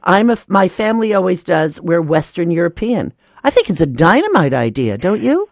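Expressive woman host of a call-in show, animated delivery, dry studio. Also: lowish voice, fairly quick, dry recording. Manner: warm laughter, encouraging, expressive. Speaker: radio cooking show host.

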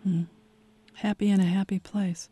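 A woman interviewing a guest, calm and reflective, speaking in a measured way. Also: medium pitch, a little hiss or hum. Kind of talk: interview conversation.

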